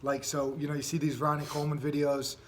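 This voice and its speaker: Laid-back podcast host, a bit high-voiced. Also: male voice, monotone, fast talker, slight background noise. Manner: rambling, laid-back, many fillers. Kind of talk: casual podcast chat.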